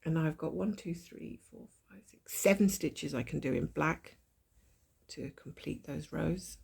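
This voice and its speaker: Gravelly, stuffy-nosed woman chatting. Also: sits low, unhurried, darkish tone. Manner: chatty, thinking aloud while working, self-deprecating. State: stuffy nose, gravelly voice after a cold. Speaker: cross-stitch vlogger. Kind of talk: casual stitch-along chat.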